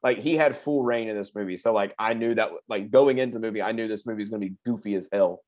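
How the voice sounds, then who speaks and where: A young man guesting on a podcast, chatting casually about a film with a relaxed, halting manner. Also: fairly low pitch. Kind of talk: casual film review chat.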